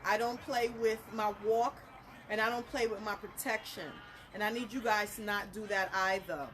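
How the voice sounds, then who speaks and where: A woman, a spiritual reader talking casually to her viewers, animated and blunt, laughing through her stories. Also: mid-range voice, normal speed, slight background noise. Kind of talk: casual live talk to viewers.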